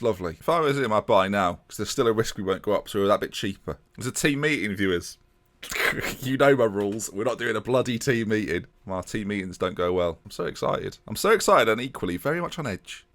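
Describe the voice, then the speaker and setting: A young man giving chatty, animated commentary on his own game play, talking to his viewers and laughing often. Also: medium pitch. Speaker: gaming YouTuber. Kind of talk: casual let's-play commentary.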